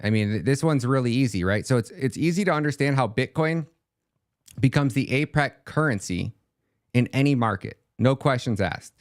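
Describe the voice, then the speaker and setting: A man's voice: medium pitch, animated, normal speed. A man hosting a podcast in a loose, chatty monologue, full of fillers, who acts out quoted back-and-forth dialogue. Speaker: podcast host. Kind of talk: casual monologue.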